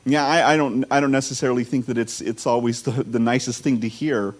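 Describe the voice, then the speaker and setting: A man's voice: mid-range voice, steady tone, a little fast. A man, a teaching pastor, reading scripture, praying and telling a story in a conversational sermon, often repeating words and restarting. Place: church sanctuary.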